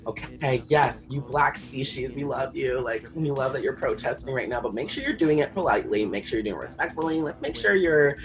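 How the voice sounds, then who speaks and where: A man's voice: medium pitch, lively intonation, a little fast, hardly any pauses, pitched above the performer's own voice, natural voice. A man mocking a patronizing polite bystander. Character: condescending, self-righteous white bystander.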